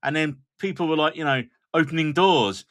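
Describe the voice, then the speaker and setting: A man's voice: fairly high pitch, a little fast, a bit bright. A man hosting a podcast in casual chat, telling self-mocking stories and moving the talk to the next topic. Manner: chatty, self-mocking anecdotes, steers the topics. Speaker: podcast host.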